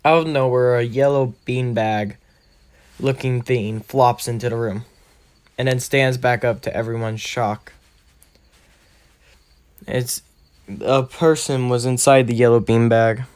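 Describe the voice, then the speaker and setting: A man's voice: medium pitch, steady tone, unhurried, pauses often, a little mellow, clear, resonant tone. A man casually narrating a fan story in a loose, rambling way full of filler words.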